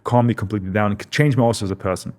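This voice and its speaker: A man's voice: on the low side, very fast, a little mellow. A man, a company founder, telling his story in a casual interview. He reflects as he goes and repeats words for emphasis. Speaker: company founder, podcast guest.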